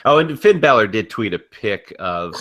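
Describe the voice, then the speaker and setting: A man co-hosting a casual wrestling and sports podcast, calm and matter-of-fact with a teasing streak. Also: fairly low pitch, normal speed. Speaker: podcast co-host. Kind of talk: casual chat.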